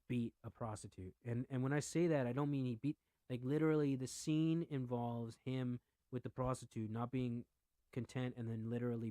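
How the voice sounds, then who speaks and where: A young man hosting a podcast in a casual, profane rant, swinging from low mutters to loud outbursts. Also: no room sound. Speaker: podcast host.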